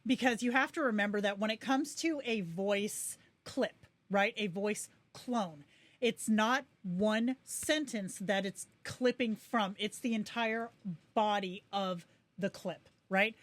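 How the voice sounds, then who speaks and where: A woman's voice: medium pitch, takes it slowly, no echo. A woman hosting a livestream, giving a casual tutorial and chatting as she clicks through settings. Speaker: livestream host.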